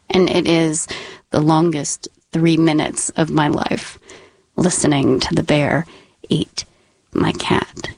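A woman's voice: deep voice, fairly even intonation, takes it slowly, vocal fry, long pauses, dry recording. Woman telling a tense story, dry sound. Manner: dramatic, drops into hushed whispers for suspense. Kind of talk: personal story told to an audience.

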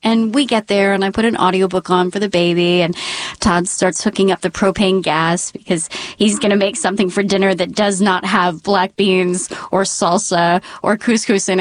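A woman telling a personal story with wry, deadpan humor, dropping to dramatic whispers. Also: medium pitch, no echo.

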